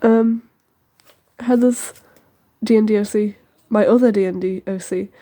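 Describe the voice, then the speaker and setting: A teenage girl talks her way through her sketchbook in a relaxed, rambling voice-over. Her tone is mellow and warm, at an ordinary pitch for her age. She fills the gaps with ums and tosses in quick side comments as she moves along. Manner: rambling and chatty, with many ums and quick asides. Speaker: sketchbook tour host.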